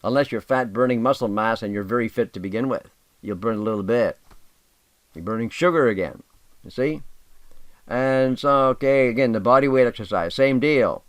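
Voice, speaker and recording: Older man, casual host monologue, emphatic, folksy, mid pitch, dry. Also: moderate pace, no room sound. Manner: folksy and emphatic, reads aloud with asides.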